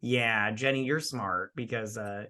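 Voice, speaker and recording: Rambling, animated male movie reviewer. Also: lowish voice, a little slow. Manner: rambling, repeats words, acts out scenes. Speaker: co-host of a movie review show. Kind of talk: casual chat while drinking.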